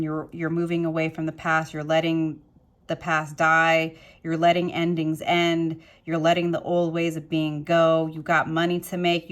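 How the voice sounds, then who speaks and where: A woman giving a tarot card reading to camera. She speaks emphatically and with passion, builds her points with rhetorical questions, and repeats motivational phrases. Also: lowish voice. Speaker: tarot reader.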